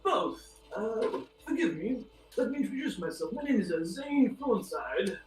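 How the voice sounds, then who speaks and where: Player voicing posh courteous gent, higher pitch, distant roomy mic. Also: male voice, very animated, a little slow, darkish tone, slight background noise. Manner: posh, overly polite. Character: posh male gentleman adventurer, courteous. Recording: echoey room, far from mic.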